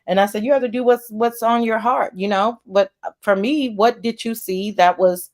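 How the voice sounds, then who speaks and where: A woman's voice: medium pitch, normal speed, a little mellow. A woman hosting a livestream, talking casually and bluntly, pressing her questions and swearing freely. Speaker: livestream host.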